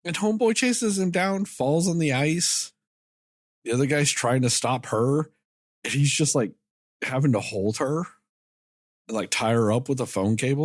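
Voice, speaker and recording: A man's voice: mid-range voice, expressive, no echo, studio quality. A man co-hosting a casual film review podcast, rambling and swearing freely as he talks through scenes. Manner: often acts out characters' lines in quick asides. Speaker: podcast co-host.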